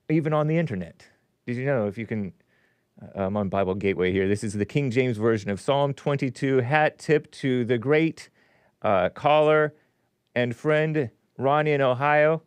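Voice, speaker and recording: A male host reads an old scripture passage aloud, breaking off often for casual, joking asides. His voice sits at an ordinary pitch. The sound is dry and close, with no room echo. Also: smooth. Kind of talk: call-in show and scripture reading.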